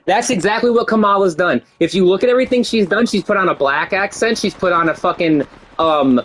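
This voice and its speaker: High-voiced man in an angry rant. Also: brisk, fairly bright tone, slight background noise. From United States. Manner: profane, agitated, blunt. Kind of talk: heated political rant.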